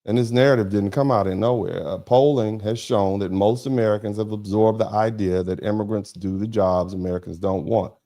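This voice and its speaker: A middle-aged man hosting a commentary stream in a low, mellow voice. He talks emphatically and circles back over his points, dropping sarcastic asides to the chat. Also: fairly even intonation, brisk, hardly any pauses. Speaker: host of a commentary broadcast. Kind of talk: livestream commentary.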